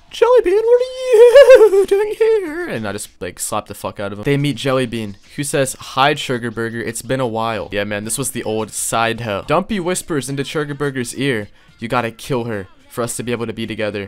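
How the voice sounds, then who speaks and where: Young male YouTuber, mid-pitched, reads fan fiction aloud with profane, mocking asides. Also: fairly bright tone. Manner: crude, sarcastic, joking asides. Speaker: YouTube host.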